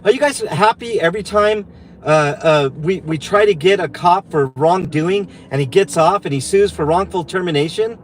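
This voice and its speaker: A furious man rants and swears on a livestream from behind the wheel, his voice pitched high for a man. Faint road noise hums under the talk in the car. He drips with sarcasm and sounds worked up. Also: normal speed, low-quality recording. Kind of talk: angry livestream rant. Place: in a car while driving.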